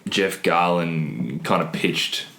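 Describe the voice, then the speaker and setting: A man co-hosting a casual podcast, a little hoarse from illness, playful and self-mocking. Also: low-pitched, slow, sharp tone, echoey room. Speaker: podcast co-host. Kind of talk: casual chat.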